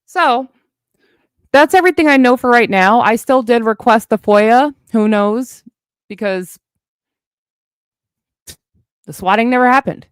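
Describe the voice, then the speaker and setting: A woman's voice: a little high, measured pace, long pauses, clean tone, dry recording, studio quality. A woman in a heated, profane livestream rant, sarcastic as she calls out her online critics. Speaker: streamer addressing online critics.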